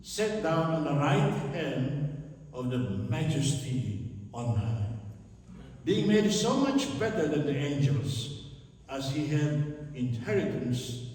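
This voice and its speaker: A man preaching a sermon, reading scripture slowly and deliberately and stopping to explain it. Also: a little high, very animated, a little mellow. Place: church sanctuary. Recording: echoey church hall from far off.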